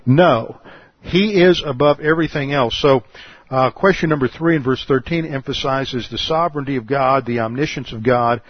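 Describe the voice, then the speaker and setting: A man preaching an expository sermon, teaching in a measured, emphatic way and posing rhetorical questions. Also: mid-range voice, dry recording, dull audio. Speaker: pastor.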